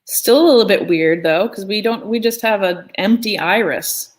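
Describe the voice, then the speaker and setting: A woman's voice: medium pitch, expressive, normal speed. A woman teaching a live online drawing lesson in a chatty, playful way, talking as she draws. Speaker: art teacher. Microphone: phone.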